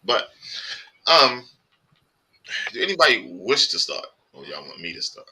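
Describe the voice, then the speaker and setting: Lively, bright-voiced man cursing casually. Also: lowish voice, measured pace, slight background noise, rough recording. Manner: profane, animated, laughing often. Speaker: podcast host. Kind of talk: casual podcast chat.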